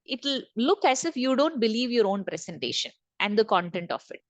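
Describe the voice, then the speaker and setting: A woman's voice: a little high, very animated, fairly quick, no room sound. A woman trainer leading an online session, repeating key points and asking the group questions. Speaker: corporate trainer. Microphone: video call.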